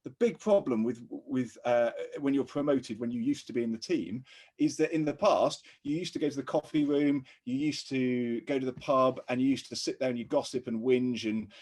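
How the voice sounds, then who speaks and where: A man's voice: mid-range voice, moderate pace, darkish tone. A man co-hosting a podcast, explaining workplace leadership in an earnest, easygoing way that breaks into laughter. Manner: earnest, laughs easily, lots of restarts. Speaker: podcast co-host, ex-army officer. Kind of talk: casual conversational explanation.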